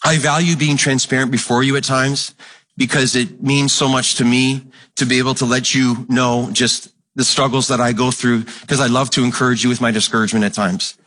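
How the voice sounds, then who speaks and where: A man's voice: little pitch movement, fairly quick, fairly bright tone. A man preaching a sermon, earnest and impassioned, repeating phrases for emphasis and acting out Bible dialogue in a raised voice. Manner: acts out Bible exchanges in a raised, higher voice. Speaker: pastor.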